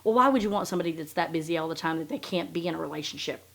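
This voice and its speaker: A woman's voice: low-pitched, lively intonation, very fast, gravelly, a bit bright. A woman hosting a podcast, recapping a story in casual, profane, sarcastic commentary and sounding openly incredulous. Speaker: podcast host.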